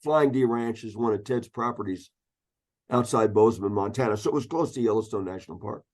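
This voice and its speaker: A man's voice: fairly low pitch, a little fast, darkish tone. A man in his sixties, an ecologist guest, telling anecdotes in an interview and acting out the voices of people he quotes. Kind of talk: storytelling interview.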